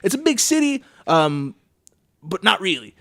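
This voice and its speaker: A man's voice: high-pitched, very animated, unhurried, a bit bright. A man from San Antonio, Texas, a pro wrestler guest on a podcast, telling a rambling, profane travel story and saying "man" a lot. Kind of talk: casual storytelling chat.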